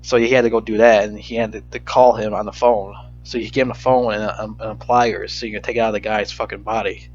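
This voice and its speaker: A man's voice: on the low side, flat delivery, a little fast, few pauses, slight background noise. Profane, rambling man ranting about a movie. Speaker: movie reviewer. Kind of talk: casual rant review. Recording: slightly dull lo-fi audio.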